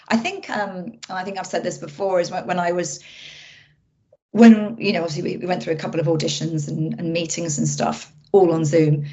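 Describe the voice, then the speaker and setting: A woman film director being interviewed, chatting casually and telling stories in an animated way, often restarting her sentences. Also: on the low side. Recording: muffled lo-fi audio.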